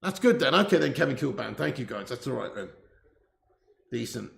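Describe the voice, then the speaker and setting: With a mid-range, creaky, fairly bright voice, a man hosts a live football watch-along stream, very animated and fairly quick. He chats casually, laughs often, and reads viewer messages aloud. An echoey indoor room and a distant laptop mic with boosted gain shape the sound.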